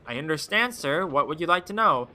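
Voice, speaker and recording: A man doing a polite high-voiced boy. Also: lively intonation, brisk, pushed and bright. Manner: polite, says sir a lot. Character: young boy passenger on a train, polite and timid.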